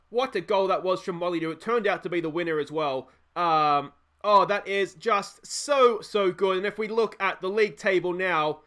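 Aussie guy narrating his footy manager game, higher voice, gets really worked up. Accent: Australian. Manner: animated, yells at the screen. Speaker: gaming channel host. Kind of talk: excited let's-play commentary.

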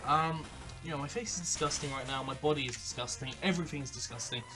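A chatty let's play host talking over a handheld game, often laughing and poking fun at themself. The voice sits mid-pitch, with faint game music in the background. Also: fast. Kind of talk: casual game commentary.

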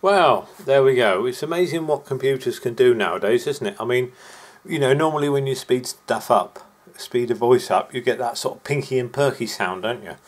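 A man's voice: medium pitch, normal speed, hardly any pauses, poor audio. A man chatting casually about clips he plays, in a rambling way with asides and fillers. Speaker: video maker. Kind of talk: casual commentary over clips.

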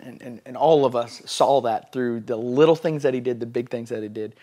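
A man interviewing a guest asks his questions and tells a story in an animated way, often repeating words as he gets going. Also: mid-range voice, a little fast. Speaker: interviewer, camp ministry worker.

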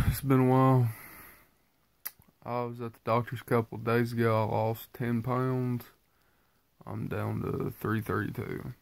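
A man's voice: flat delivery, unhurried, gravelly, darkish tone, dry recording. A tired man with a congested, stuffy voice from sinus trouble gives a casual, rambling update to his viewers. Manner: tired, low-key and rambling. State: tired from just waking up. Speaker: vlogger giving a weight-loss update.

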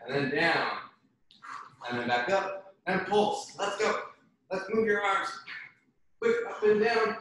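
A man leading an online workout class over a video call, giving brisk, encouraging cues and counting down reps. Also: high voice, lively intonation, fairly bright tone. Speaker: fitness instructor. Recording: very echoey room, faint noise.

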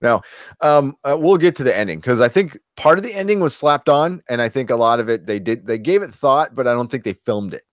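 A man co-hosting a casual review chat, retelling scenes in an animated way and dropping in quick impressions. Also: mid-range voice, no echo, studio quality. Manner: animated retelling, acts out lines with quick impressions, frequent laughs and fillers. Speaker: podcast co-host.

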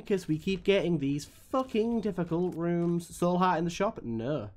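A man giving live gameplay commentary as a streamer, swearing often and swinging between weary groans and excited yelps. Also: high-pitched, a little slow, few pauses.

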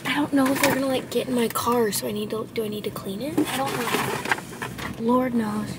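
A young woman talking to a handheld phone camera as a family vlogger, bubbly and excitable, gushing about her day while driving and waiting at an airport. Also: a little high, normal speed. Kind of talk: casual vlog talk to camera. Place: in a car and at an airport curb. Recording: clear vehicle noise.

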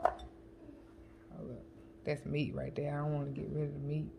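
A woman's voice: sits low, completely flat delivery, unhurried, vocal fry, noisy background. Woman, home cooking vlog, casual chatty talk, counts aloud, home kitchen, clattering dishes behind. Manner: chatty, counts seasoning shakes aloud, jokes with family off camera.

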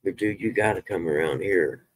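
A man's voice: low-pitched, normal speed, husky, no echo. A man casually chatting with viewers on a live stream, folksy, and swearing when he gets fired up.

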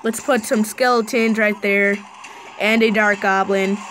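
A woman giving chatty, live play-by-play commentary on her own mobile game match, with excited bursts. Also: mid-range voice, measured pace, slight background noise, rough recording. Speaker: gaming channel host.

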